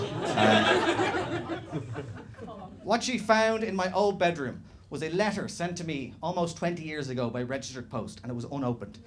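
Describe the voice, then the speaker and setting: A young Irish man doing a stand-up comedy set, animated and swearing, with shouted impressions. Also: mid-range voice, moderate pace, noisy background. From Ireland. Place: small comedy venue with live audience. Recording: live club recording with laughing crowd. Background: audience laughter.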